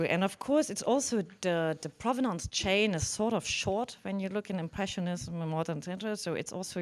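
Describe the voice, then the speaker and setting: A woman professor giving a conference presentation, thoughtful and hedging, often restarting her sentences. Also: lowish voice.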